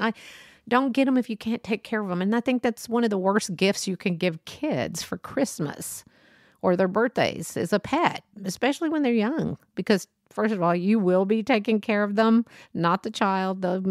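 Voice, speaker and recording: An older woman hosting her own podcast, chatting in a loose, rambling way and laughing as she goes. Her pitch sits in a middle range for a woman. The sound is dry and close, with almost no room around it. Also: no echo. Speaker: podcast host. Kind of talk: casual solo podcast talk.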